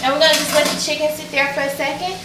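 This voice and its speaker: A chatty Southern woman with an Alabama accent and a fairly high voice talks her viewers through a recipe in her home kitchen. Her voice bounces around the echoey room from a few steps back off the mic. Food frying and sizzling in a pan runs behind her the whole time. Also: fairly even intonation, very fast, distant mic, heavy background noise. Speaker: cooking vlogger. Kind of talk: casual cooking tutorial chat.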